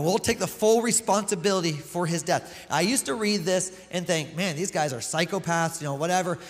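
A man preaching in a large hall, his voice a little higher than most men's. He talks earnestly and directly to the congregation, and a long reverb trails behind every phrase. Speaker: pastor. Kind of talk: sermon reading scripture.

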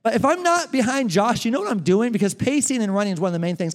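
A man preaching a sermon to his congregation, animated and out of breath, addressing them directly. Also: sits high, fast. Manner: animated, talks straight to the congregation. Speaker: pastor. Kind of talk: sermon with a live running demonstration. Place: church sanctuary. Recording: long reverb of a large church hall.

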